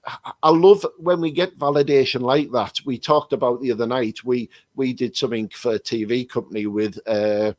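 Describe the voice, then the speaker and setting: A man's voice: mid-range voice, steady tone, moderate pace, darkish tone, no echo. An English man, a psychic medium, telling rambling stories with many restarts in a casual chat over a video call. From England.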